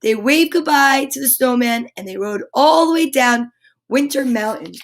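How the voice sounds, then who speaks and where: A woman reading a children's picture book aloud, animated and chatty, breaking off for little asides to her listeners. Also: sits high, normal speed, a little hiss or hum.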